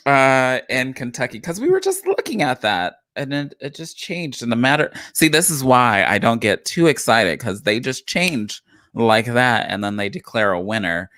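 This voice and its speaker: A man's voice: medium pitch, very animated, moderate pace, sharp tone, dry recording, studio quality. A man co-hosting a casual live stream, reading election results with many fillers and stumbling self-consciously over names.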